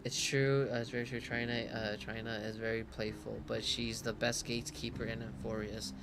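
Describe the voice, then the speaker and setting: A man's voice: on the low side, flat delivery, fairly quick, vocal fry, noisy background. A man doing casual gameplay commentary, reading subtitles aloud, giggly and self-mocking. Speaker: gaming streamer.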